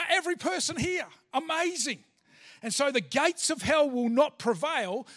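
A man's voice: extremely high pitch, fairly bright tone. A male pastor preaching a sermon in church, emphatic, repeating phrases and restarting himself. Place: church hall.

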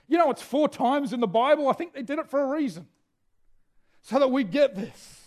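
A middle-aged man preaching a sermon with energy, shouting out key phrases. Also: extremely high pitch, brisk.

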